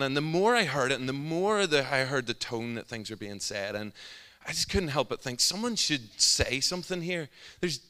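A Northern Irish man preaching a sermon. He tells an animated, humorous story and his voice sounds bright and forceful. Long reverb from a large hall trails behind each phrase. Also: medium pitch, clean tone. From Northern Ireland.

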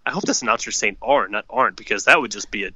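A man's voice: on the low side, lively intonation, very fast, pushed and bright, husky, no room sound, muffled recording. A man co-hosting a casual hockey podcast, swearing freely and ranting with strong opinions. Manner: profane, fired-up hockey opinions. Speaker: podcast co-host. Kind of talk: casual sports chat.

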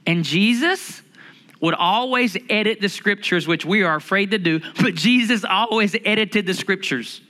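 Bright-voiced preacher with playful emphasis. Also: male voice, high-pitched. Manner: lively, humorous preaching with drawn-out emphasis. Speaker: pastor. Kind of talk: sermon.

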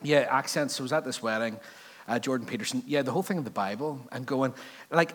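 A man's voice: medium pitch, a little fast, a bit bright. A pastor from Belfast preaches with a Northern Irish accent. He talks in a loose, conversational way, breaking into jokes and wandering asides before returning to his point. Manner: chatty, joking asides, rambling digressions. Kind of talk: sermon.

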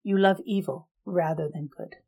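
A woman voicing a cold young male emperor who speaks in measured, formal decrees in a storybook reading. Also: on the low side, steady tone, a little mellow.

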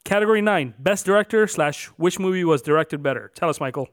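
A man's voice: fairly high pitch, lively intonation, fast, no echo, clean studio sound, soft background music. A man co-hosting a casual podcast, announcing numbered categories with extra emphasis and then chatting loosely. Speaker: podcast co-host.

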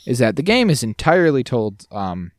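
A man co-hosting a casual podcast chat, his pitch leaping around in an animated, jokey way. He trails off and restarts his thoughts. The sound is dry and close, with no room around it. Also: normal speed, dry recording. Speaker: podcast co-host.

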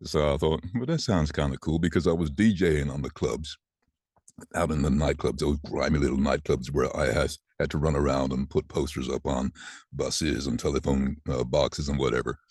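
A man in his sixties who is a voiceover artist, telling lively stories about his life in a relaxed interview. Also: a bass voice, normal speed, breathy edge, no room sound, studio quality. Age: 60s. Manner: chatty, animated anecdotes with laughs. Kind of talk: casual storytelling interview.

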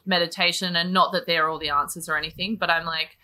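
A woman's voice: lowish voice, steady tone, fast, sharp tone. A woman chatting candidly, swearing freely and filling her talk with likes and ums. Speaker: guest sharing her story. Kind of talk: casual chat.

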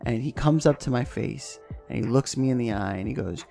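A man co-hosting a podcast, telling a profane, animated story in casual chat and acting out the voices. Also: medium pitch, fairly quick, creaky, soft background music. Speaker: podcast co-host.

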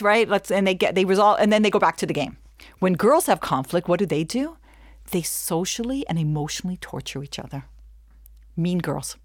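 A middle-aged woman teaching a webinar, talking in a lively way and acting out little back-and-forth dialogues. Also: mid-range voice, dry recording, clean studio sound. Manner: animated, acts out little dialogues with laughs. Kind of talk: lively talk to an audience.

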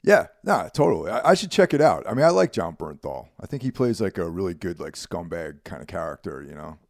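Deep, lively laid-back man. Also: brisk, dry recording, clean studio sound. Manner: laid-back, rambling, leans on "you know what I mean". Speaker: podcast co-host. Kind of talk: casual chat.

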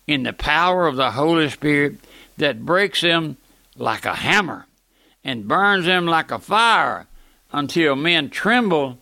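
An older man from the American South preaching a fiery radio sermon, an old-time preacher who keeps saying "my friend" and swings from thundering to quiet. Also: on the high side, gravelly, no echo.

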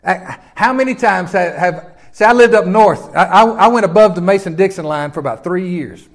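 A man's voice: sits high, moderate pace. An older man with a Southern US accent, from Memphis, preaching a sermon in a folksy, conversational way full of rhetorical questions. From Memphis, Tennessee. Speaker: pastor.

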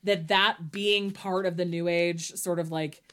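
A woman's voice: fairly low pitch, steady tone, unhurried, a bit bright, smooth. A woman co-hosting a casual podcast chat, thinking aloud, sometimes ranty, often trailing off and restarting her sentences. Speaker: podcast co-host.

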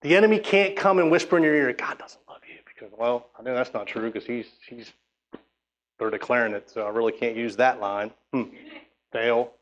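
A man preaches a sermon in a mid-range voice at a moderate pace, reading scripture and urging his listeners emphatically. His exhorting delivery includes frequent restarts.

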